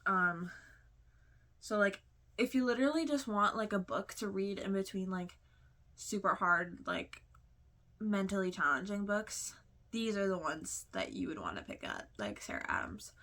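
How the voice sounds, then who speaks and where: A young woman talks through her monthly reads in a loose, chatty way, full of fillers and excited asides. Her voice is bright and forward, and she rushes into gushing praise. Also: medium pitch. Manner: gushing, chatty, lots of "like" and "oh my god". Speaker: book vlogger. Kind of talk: casual book review chat.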